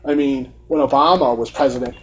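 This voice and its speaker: A man's voice: mid-range voice, steady tone, fairly quick, muffled recording, a little hiss or hum. A man hosting a gaming video, ranting in a heated, profane and repetitive way. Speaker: gaming channel host. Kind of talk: heated rant during gameplay commentary.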